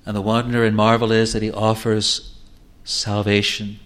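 A man's voice: on the low side, monotone, normal speed, a bit bright. A male preacher delivering an evangelistic sermon with earnest, pleading appeals.

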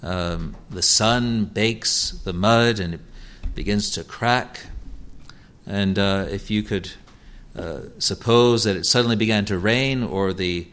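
Halting, measured male preacher. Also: fairly low pitch, a bit bright. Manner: measured, halting delivery with frequent "uh" fillers; raises emphasis when quoting scripture. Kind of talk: sermon.

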